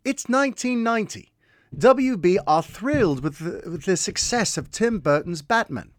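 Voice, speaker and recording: Guy doing an overdone impression of his friend's accent, pitched up high. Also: expressive, moderate pace, no echo, studio quality. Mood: playful. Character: host imitating a male friend's accent.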